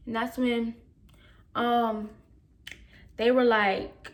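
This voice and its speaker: Storytime vlogger, a woman with a higher-pitched voice, slangy, emphatic, replays her own past comments. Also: slow, pauses often, fairly bright tone. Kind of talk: casual storytime.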